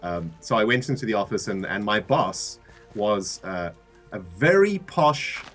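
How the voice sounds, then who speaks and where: Animated South African man telling a story. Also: on the low side, unhurried, slightly rough, soft background music. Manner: animated storyteller, laughs often, restarts. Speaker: co-host of a game livestream. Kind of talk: casual chat, storytelling.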